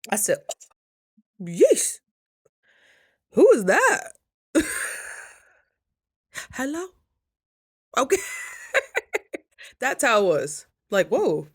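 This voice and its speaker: A young woman talking casually in a motivational vlog, chatty and animated, jumping high when she quotes people. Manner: chews while talking at times. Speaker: vlogger.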